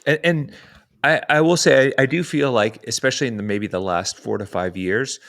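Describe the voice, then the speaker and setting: A man's voice: mid-range voice, normal speed, fairly bright tone, no room sound, studio quality. A man hosting a podcast, asking thoughtful, long-winded interview questions. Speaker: podcast host.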